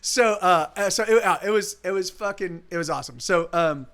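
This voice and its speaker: A man's voice: sits high, brisk, gravelly. A male musician streaming live, telling a rambling, casual story full of restarts and swearing, with faint guitar behind.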